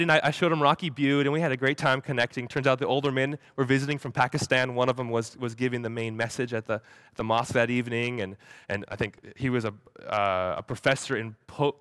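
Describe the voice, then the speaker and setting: A man's voice: medium pitch, a bit bright, no echo, studio quality. A young man tells a story to a church audience, stumbling over repeated words and acting out the voices of the people he quotes. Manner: halting, many repeated words; acts out quoted voices animatedly. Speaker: speaker at a church gathering. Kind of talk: storytelling talk.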